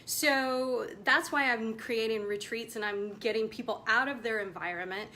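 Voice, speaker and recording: Woman, 40s, motivational coach, bright forceful tone, slightly high, faint rumble under it. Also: normal speed. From United States. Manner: emphatic, passionate, preachy. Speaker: women's coach. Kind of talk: direct-to-camera motivational talk.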